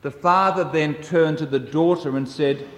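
A man preaching a sermon, telling stories in a slow, measured way. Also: on the high side, steady tone. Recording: echoey hall, distant mic.

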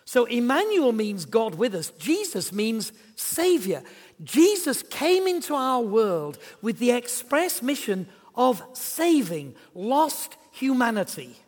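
Guy preaching, tells a story then drives the point home, quite high voice, big echoey church. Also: slow. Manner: animated anecdotal storytelling, emphatic preaching. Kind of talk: sermon with storytelling.

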